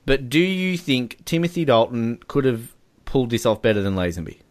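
An Australian man co-hosting a casual film chat, animated and quick to laugh. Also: mid-range voice, no echo. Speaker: podcast co-host.

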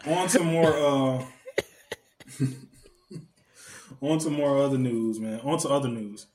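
A man co-hosting a casual podcast, talking loud and joking, laughing often. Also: medium pitch, fairly even intonation, slow, reverberant. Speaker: podcast co-host.

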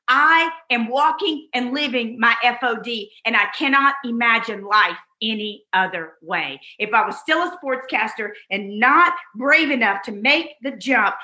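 High, bright-voiced woman teaching with emphasis. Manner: emphatic, repeats phrases for effect; addresses listeners fondly and directly. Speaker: online course instructor. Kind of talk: motivational teaching talk. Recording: roomy echo.

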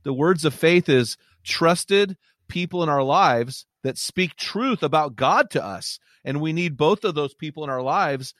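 A man hosting an interview, relaxed and reflective, asking about a guest's story. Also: fairly high pitch, measured pace, hardly any pauses, dry recording, clean studio sound. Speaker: host. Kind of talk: casual interview.

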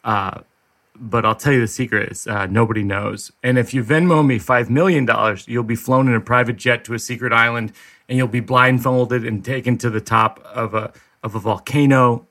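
A male podcast host in casual chat, spinning deadpan absurd bits. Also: medium pitch, normal speed.

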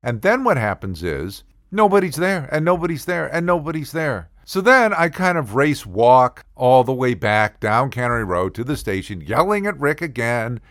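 An older man telling a funny personal story in a casual, animated way, acting out the yelling and the other people's lines. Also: mid-range voice, moderate pace, hardly any pauses, dry recording, clean studio sound.

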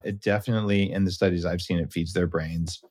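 Man, middle-aged, low pitch, dry close mic, casual podcast host, animated storyteller. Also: quick pace, dry recording. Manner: animated storyteller, quotes his kids in a high voice. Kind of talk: casual interview chat.

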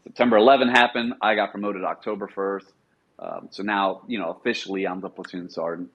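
A man's voice: brisk, breathy edge, lo-fi sound. A middle-aged man, a former Marine, telling service stories in a casual interview and acting out the officers he quotes. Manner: animated storyteller, acts out quoted officers in a higher voice. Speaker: podcast guest, former Marine sniper.

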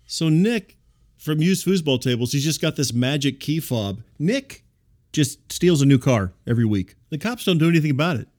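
A man hosting a comic audio show, telling rambling neighborhood stories in a dry, deadpan way with wry asides. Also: on the high side, normal speed. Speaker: host.

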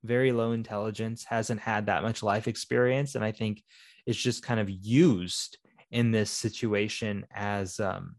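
A man's voice: fairly low pitch, fairly even intonation, unhurried, no room sound. Male podcast co-host, loose thinking-aloud film talk, dry close mic. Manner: rambling, thinking aloud with fillers. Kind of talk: casual film discussion.

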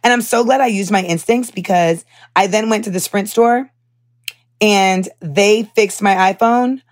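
A young American woman hosts her podcast in a loose, chatty monologue. She talks with an American accent and animated, heated asides, and her voice sits at an ordinary middle pitch. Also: unhurried. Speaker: podcast host. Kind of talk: casual storytelling monologue.

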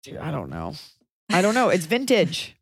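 A young woman co-hosting a podcast and giving casual, blunt advice, often swearing and stacking up quick questions. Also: lowish voice, huge pitch swings, slightly rough, dry recording, clean studio sound. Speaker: podcast co-host, comedian.

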